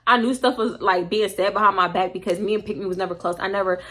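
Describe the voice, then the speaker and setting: A woman's voice: medium pitch, fairly even intonation, quick pace, a bit bright. A young woman telling a storytime on her channel, blunt, slangy and gossipy. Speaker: storytime vlogger. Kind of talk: storytime vlog.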